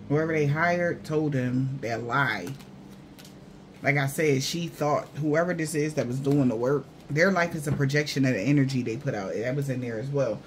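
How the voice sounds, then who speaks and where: A man's voice: mid-range voice, slight background noise. A man giving a casual spiritual reading to viewers, blunt, profane and mocking, in loose slangy talk. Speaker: spiritual reader.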